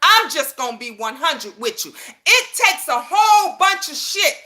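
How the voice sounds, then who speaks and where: A woman in her fifties who comments on YouTube delivers a heated personal rant to her viewers in a very high, bright, forceful voice. She's extremely animated and moves at a moderate pace, swearing, pressing her points hard, and confronting the audience, often asking whether they understand her.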